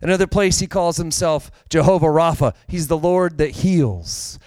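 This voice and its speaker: A man's voice: fairly high pitch, normal speed, a little mellow, no room sound. A man preaching a sermon, with a casual, conversational manner and direct questions to the congregation. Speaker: pastor.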